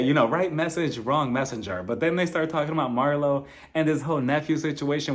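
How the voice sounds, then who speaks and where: A young man recapping a reality show in casual commentary, sarcastic and animated, acting out people's lines and laughing often. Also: mid-range voice.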